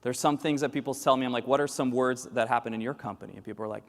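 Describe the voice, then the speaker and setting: A man giving an animated keynote talk to a live audience, quizzing the crowd and acting out quoted voices. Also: mid-range voice, very fast, hardly any pauses. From grew up in Latin America. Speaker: keynote speaker. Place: large hall with live audience. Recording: echoey hall with long reverb.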